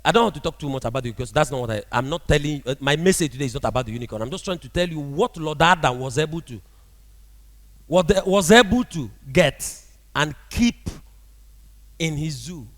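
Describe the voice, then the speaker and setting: A man preaching a sermon as a prophet, animated and often asking the congregation rhetorical questions. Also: fairly high pitch, brisk, long reverb tail.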